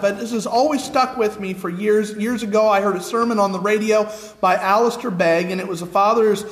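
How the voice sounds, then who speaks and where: Earnest American male preacher with a high voice. He preaches in a reverberant church hall. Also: steady tone, fairly quick. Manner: earnest, asks the congregation repeated questions. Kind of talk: sermon. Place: church sanctuary with nearly empty pews.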